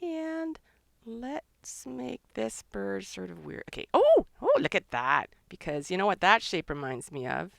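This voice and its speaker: A middle-aged woman, a children's author and illustrator, chatting excitedly and thinking aloud during a live drawing session for kids. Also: medium pitch, measured pace, vocal fry, no room sound.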